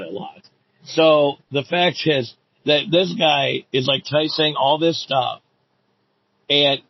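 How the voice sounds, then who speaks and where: A man's voice: medium pitch, slightly rough. A middle-aged man, a former coach, in an indignant, profane and sarcastic rant about a rival. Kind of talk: ranting monologue. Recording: dull lo-fi recording.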